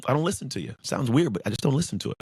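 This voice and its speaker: A man's voice: medium pitch, sing-song, racing, darkish tone, husky, no echo, clean studio sound. A man speaking as a podcast guest, former pro football player, talking intensely and emphatically in repeated lists. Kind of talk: casual interview talk.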